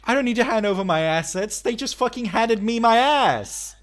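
A man's voice: very high voice, animated, moderate pace. A man streaming, chatting casually and ranting in a profane, mock-outraged way.

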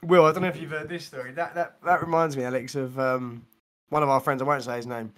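A man's voice: mid-range voice, fast talker, a crowd in the background. A man, a podcast co-host telling a rambling, slangy anecdote in casual chat. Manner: animated storyteller, slangy, grows loud when excited.

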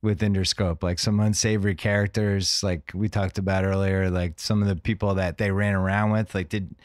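A man's voice: low-pitched, little pitch movement, fairly quick, no room sound, clean studio sound. A man hosting a podcast, asking loose, filler-heavy questions. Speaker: podcast host. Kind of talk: casual interview questions.

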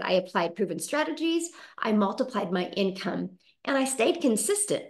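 A middle-aged woman hosting a webinar, giving an enthusiastic, persuasive sales pitch and talking straight to her audience. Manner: upbeat, persuasive, addresses audience as "you guys". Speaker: webinar host.

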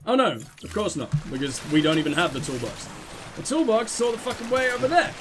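A man's voice: high voice, very animated, fast talker, background noise. A man casually commenting on his gameplay, talking to himself and swearing at the game in exasperation. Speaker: let's play host.

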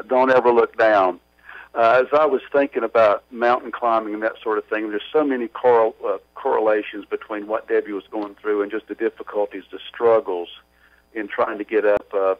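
Earnest halting man on muffled radio. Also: lowish voice, fairly even intonation, dry recording. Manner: earnest, halting, with many restarts. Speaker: author and guest. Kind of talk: storytelling in a radio interview.

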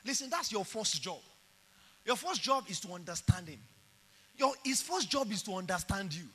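A man's voice: high voice, moderate pace, breathy edge, long reverb tail. A middle-aged Nigerian man preaching a sermon, telling stories animatedly and acting out the dialogue. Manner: animated storytelling, acts out dialogue.

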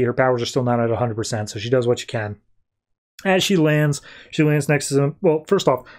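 A man's voice: mid-range voice, a little mellow. A man hosting a podcast, casually retelling a comic issue and paraphrasing its characters with "he's like" and "she's like". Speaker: podcast host. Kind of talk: casual comic book recap.

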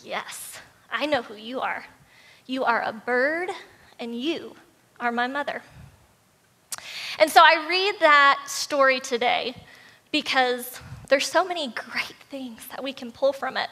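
Woman pastor, high bright voice, lively storytelling sermon, long church-hall reverb. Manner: animated, acts out animal voices in the story. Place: church sanctuary.

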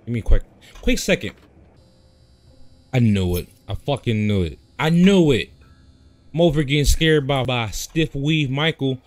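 A young man playing a horror game and commenting, often yelling and swearing at the game. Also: medium pitch, expressive, a little slow, long pauses. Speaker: gaming streamer. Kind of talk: gameplay commentary.

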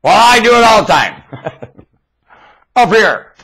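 A man with a husky, bright-edged voice rambles into his webcam, his pitch leaping all over the place. He talks slowly and draws out his words, going from low mutters to excited outbursts. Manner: theatrical, erratic, swings from mutters to excited shouts. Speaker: self-styled webcam broadcaster.

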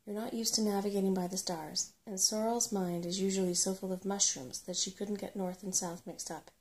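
A woman's voice: medium pitch, steady tone, a little fast, darkish tone, close to an everyday voice. Woman playing a fussy worried rat, whispered role-play. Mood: earnest. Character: fussy, worried female rat advising travellers.

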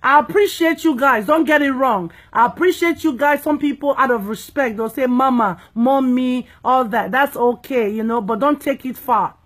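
A woman's voice: high-pitched, normal speed, hardly any pauses. A woman evangelist, preaching emphatically and playfully, often checking that listeners understand. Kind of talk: preaching talk.

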